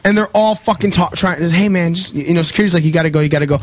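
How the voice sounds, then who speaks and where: A young man with a slightly high voice tells a bar story in casual chat. He is crude and jokey and swears all the time. He dips into mocking impressions as he goes. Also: rapid-fire, dry recording. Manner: crude, joking, swears constantly. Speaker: bartender telling a story.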